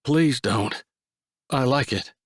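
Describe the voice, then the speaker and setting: Male narrator doing a gentle young cowboy, earnest and soft-spoken; slow delivery. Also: mid-range voice, slightly rough, no room sound, studio quality. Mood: tender. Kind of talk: audiobook dialogue.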